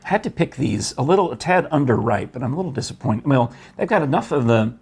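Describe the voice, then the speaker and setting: A man's voice: mid-range voice, big pitch swings, fast talker, a little mellow, husky. A man hosting a casual talk show, telling stories in a chatty, enthusiastic way with many restarts. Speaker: host. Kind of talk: casual chat.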